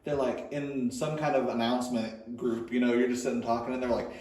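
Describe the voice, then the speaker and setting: A pastor chats in a loose, joking way, his mid-pitched voice wandering into anecdotes. The sound is roomy and echoing. He sits a little back from the microphone. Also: flat delivery, fairly quick, darkish tone. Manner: chatty and joking, trails off into storytelling. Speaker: pastor, interview guest. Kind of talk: casual conversational podcast. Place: church room. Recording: roomy echo, mic at a distance.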